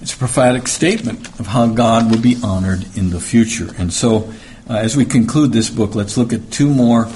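There's a little hiss or hum as this Bible teacher, medium-pitched with a darkish tone, moves through scripture verse by verse at a normal speed. He keeps it conversational with many fillers and restarts, acting out voices from what he reads.

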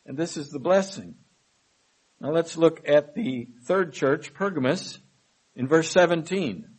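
A man preaching a sermon. He reads scripture verses aloud with emphasis and then explains them in a measured way. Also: fairly high pitch, expressive, slightly rough, low-quality recording. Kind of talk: sermon, Bible study reading.

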